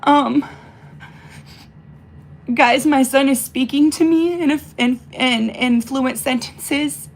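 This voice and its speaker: A woman's voice: high-pitched, slow pace, long pauses. A young woman chatting casually in a vlog while doing her makeup, emotional and choked up, rambling with many fillers and restarts. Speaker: mother vlogging.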